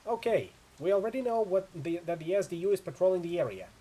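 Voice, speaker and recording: A man's voice: fairly high pitch, expressive, fast talker, darkish tone, slightly rough, rough recording. A man voicing a tough female mercenary leader in a video game, giving clipped, urgent orders. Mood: urgent, commanding.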